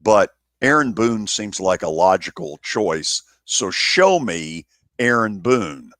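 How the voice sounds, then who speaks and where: A man hosting a sports talk radio show in an unhurried, conversational way. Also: fairly low pitch, sing-song, a bit bright, no echo, studio quality. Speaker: radio host.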